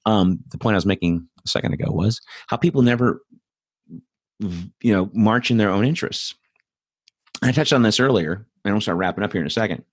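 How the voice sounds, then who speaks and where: A man's voice: fairly low pitch, breathy edge, dry recording, studio quality. A man hosting a political commentary show, talking in a blunt, profane, rambling monologue full of asides. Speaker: host.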